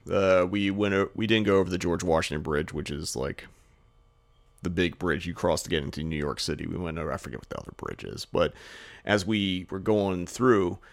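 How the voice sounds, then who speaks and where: A man's voice: low voice, dry recording. A man co-hosting a podcast, telling a rambling, profane anecdote in a casual chat full of "like" fillers. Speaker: podcast co-host.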